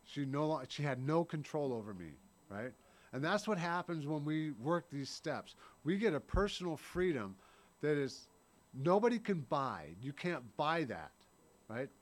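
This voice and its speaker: A man's voice: a little high, animated, measured pace. A man in his thirties giving an earnest, blunt personal recovery share at a meeting, often tagging his lines with "right?" and swearing now and then. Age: 30s.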